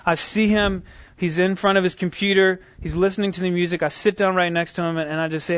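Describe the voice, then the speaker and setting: A man teaching a group, retelling conversations in a conversational, animated way with frequent restarts. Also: high voice, quick pace, dry recording. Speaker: speaker teaching evangelism. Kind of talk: storytelling lecture. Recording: dull lo-fi dry recording.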